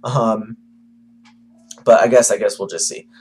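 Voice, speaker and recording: A man's voice: lowish voice, steady tone, a little slow, a little mellow, a little hiss or hum. A man giving a casual manga review to camera, rambling with lots of fillers and the odd swear.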